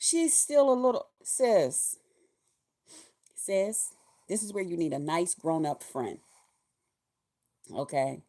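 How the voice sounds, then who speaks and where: A woman in her fifties talking casually in a vlog, animated and profane, laughing often. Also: lowish voice, takes it slowly, long pauses. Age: 50s. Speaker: vlogger.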